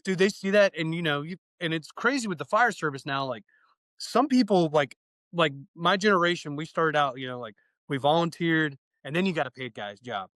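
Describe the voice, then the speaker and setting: A man chatting as a podcast guest about fire training, excitable and profane, acting out bits of dialogue as he talks. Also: a little high, normal speed, no room sound. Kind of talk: casual podcast chat.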